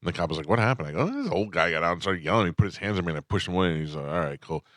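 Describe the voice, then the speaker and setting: A man's voice: sits low, racing, no room sound, clean studio sound. A man hosting a morning radio show, chatting casually and acting out the voices in his stories. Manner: animated storyteller, acts out the voices in his anecdotes. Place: radio studio. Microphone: studio microphone.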